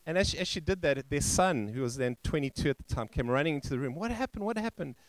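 Man preaching, smooth and dry. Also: mid-range voice, no echo. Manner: halting, with frequent restarts and fillers; acts out quoted voices. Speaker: pastor. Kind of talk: sermon storytelling. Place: church.

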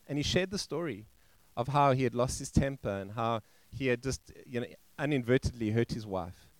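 A male pastor telling a story in a sermon, halting and restarting, and acting out the quoted voices. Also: mid-range voice, animated, no echo. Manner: halting, with frequent restarts and fillers. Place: church.

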